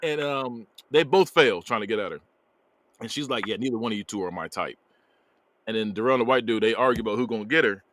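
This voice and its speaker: A man hosting a podcast, recapping a movie plot in a casual, animated way and laughing often. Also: mid-range voice, no room sound. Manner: animated storytelling, laughs often, drops quick character voices. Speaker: podcast host reviewing a movie.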